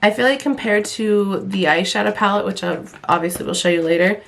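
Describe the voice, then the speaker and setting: Woman, young adult, stuffy nose, slightly gravelly, chatty and self-deprecating, casual makeup vlog. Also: medium pitch, brisk. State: stuffy-nosed and hoarse from illness. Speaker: beauty vlogger.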